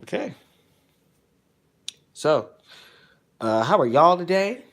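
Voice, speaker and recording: A man's voice: a little high, big pitch swings, takes it slowly, a bit bright. A man hosting a casual livestream, teasing and joking with his chat viewers and talking into an iPhone on a selfie stick. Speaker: streamer hosting his own channel.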